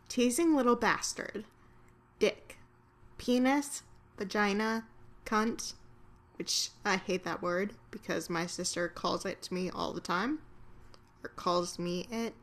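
Woman from Georgia, amateur audio creator, unhurried word-by-word reading for an accent challenge. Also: medium pitch, fairly bright tone. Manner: slow, deliberate word-by-word reading.

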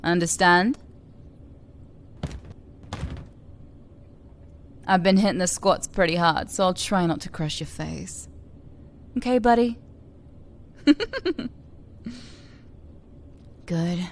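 A woman's voice: lowish voice, measured pace, pauses often. A woman voicing a bossy, teasing athletic young woman in an adult audio role-play, speaking in a commanding way.

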